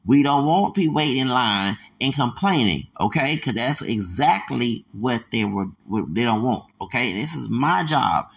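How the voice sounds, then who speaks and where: A man's voice: medium pitch, expressive, normal speed, vocal fry, few pauses, a bit bright. A man talking alone on his podcast, ranting in a heated, rambling and emphatic way. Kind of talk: solo podcast rant.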